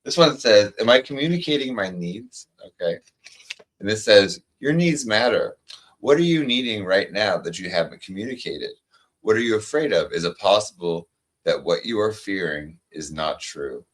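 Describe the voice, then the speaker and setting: Man, very low voice, casual card reader, slow soothing delivery. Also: animated, a bit bright. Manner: reads cards aloud slowly and soothingly. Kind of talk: casual chat.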